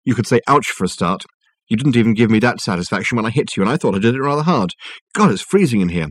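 A man voicing a brisk, sharp-tongued young woman who speaks in a dry, teasing, exasperated way. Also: mid-range voice, expressive, no room sound, lightly acted. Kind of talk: audiobook character voice.

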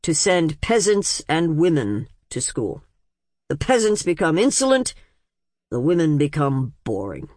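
A woman's voice: sits low, lively intonation, normal speed, no echo. A woman voicing a stern, dismissive older male city patriarch who speaks in a dry, clipped voice. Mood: cold. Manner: cold, curt pronouncements.

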